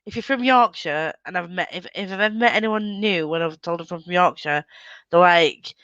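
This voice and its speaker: A woman's voice: on the low side, normal speed, fairly bright tone, dry recording, lo-fi sound. A woman with an English Midlands accent, chatting casually and giggling often, playfully mimicking accents. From England. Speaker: booktube host. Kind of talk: casual video call chat.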